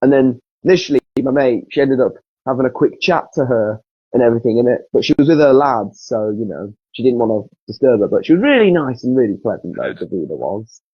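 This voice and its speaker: Laid-back man, husky and dull-sounding. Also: medium pitch, lively intonation, fast, no echo. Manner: storytelling, swears freely. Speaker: guest. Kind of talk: casual podcast chat.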